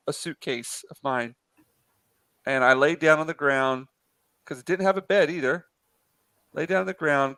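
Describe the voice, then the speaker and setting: Casual male streamer, gravelly edge, dry close mic, rambling storyteller. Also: mid-range voice, a bit bright, dry recording. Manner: rambling with many fillers and restarts. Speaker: live-stream artist chatting with a viewer. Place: apartment in a city.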